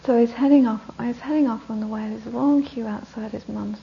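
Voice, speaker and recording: A woman Buddhist teacher giving a talk, telling a story with lively narration that often drops to a whisper. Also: fairly high pitch, fairly quick, gravelly. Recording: dull lo-fi recording with faint hiss.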